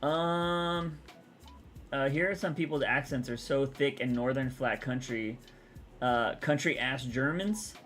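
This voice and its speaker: A man's voice: mid-range voice, slow, fairly bright tone, soft background music. A man from Texas, rambling casually as he answers chat on his live stream. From Texas, USA.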